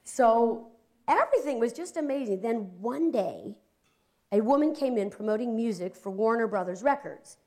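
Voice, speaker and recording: Animated woman from Ohio telling stories. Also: on the high side, normal speed. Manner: animated storyteller, voices quotes, laughs a lot. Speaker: guest. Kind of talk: casual chat, storytelling.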